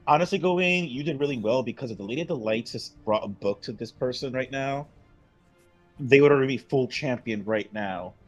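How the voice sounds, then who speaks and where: A man's voice: mid-range voice, a little fast, soft background music. A man playing a character in a tabletop game, brash and joking, swearing casually. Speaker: player. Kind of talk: in-character tabletop role-play.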